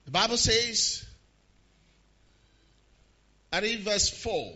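A man preaching a sermon, swinging from quiet asides to slow, shouted declarations. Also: high-pitched, animated, dull audio. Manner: swings from quiet to shouted emphasis, slows hard on key lines.

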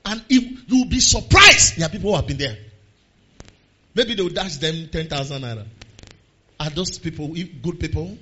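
A Nigerian man preaches in a church service, his voice high, very bright and husky. He moves between quiet, plain talk and shouted prayer, with a lively, swooping pitch. The recording sounds dull and lo-fi. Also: normal speed, pauses often. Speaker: pastor. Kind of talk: sermon with prayer.

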